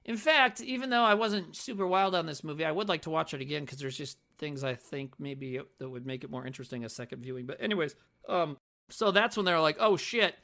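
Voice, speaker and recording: A man's voice: fairly high pitch, fairly quick, vocal fry, pushed and bright. A man co-hosting a podcast, chatting casually and jokily about a movie, rambling and swearing freely. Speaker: podcast co-host.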